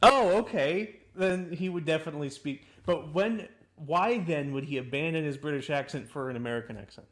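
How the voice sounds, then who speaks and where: A man's voice: fairly high pitch, a little fast, hardly any pauses. Inquisitive man hosting a casual chat. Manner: inquisitive, questioning. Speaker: host.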